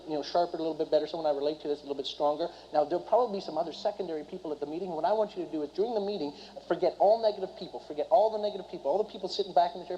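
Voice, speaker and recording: A man runs a live seminar at a rapid clip, his voice sitting high for a man. He keeps firing questions at the crowd. The recording is dull and lo-fi. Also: a little hiss or hum. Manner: rapid and animated, keeps quizzing the audience. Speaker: seminar speaker and business trainer. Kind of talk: live motivational seminar talk. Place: meeting room before a live audience.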